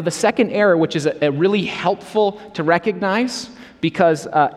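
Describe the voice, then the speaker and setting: A man's voice: on the high side, in a large hall. A man preaching a sermon as a pastor, earnest and emphatic in a conversational way.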